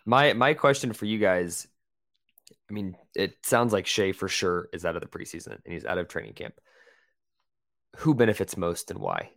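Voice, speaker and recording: Very low-voiced man, dry mic. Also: very animated, normal speed, gravelly, fairly bright tone, no room sound. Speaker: podcast co-host. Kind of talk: casual sports chat.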